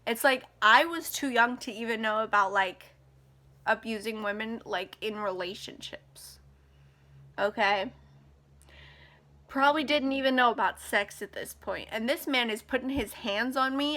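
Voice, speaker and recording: Close to tears, a young woman in her twenties rants angrily to the camera in her personal vlog. Her voice is on the high side and sharp, and she speaks a little slowly.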